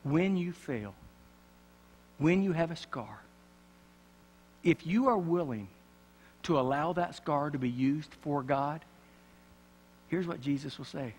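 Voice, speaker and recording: A man preaching a sermon in a church, swinging dramatically from loud passages to hushed ones. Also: a little high, slow, long pauses, slightly rough. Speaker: pastor. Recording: long church reverb.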